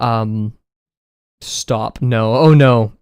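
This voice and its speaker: A man's voice: mid-range voice, drawn-out words, darkish tone, clean tone, no echo, studio quality. A man chatting loosely and self-deprecatingly on a drawing livestream, his voice a little scratchy today. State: slightly scratchy voice. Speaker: art livestreamer. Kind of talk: casual live-stream chat while drawing. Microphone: desk mic, no camera.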